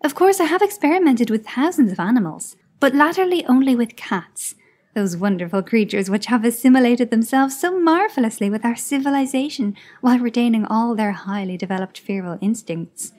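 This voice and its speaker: A woman's voice: fairly high pitch, lively intonation, fairly quick, a little mellow. A woman reading a pompous lecturing scientist. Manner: lecturing, self-satisfied. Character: pompous, patient male scientist inventor.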